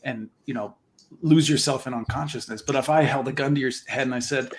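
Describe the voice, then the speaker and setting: A man's voice: mid-range voice, a little fast. A man, a guest on a livestream talk show, explaining a point in an earnest way. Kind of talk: casual livestream chat.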